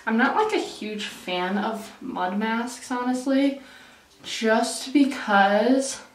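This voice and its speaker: A woman's voice: on the high side, slow, recorded from a distance. Young woman vlogger, rambling casual chat, roomy echo, voice off-mic. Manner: chatty, lots of "like" and "um", breaks off mid-sentence. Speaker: beauty vlogger.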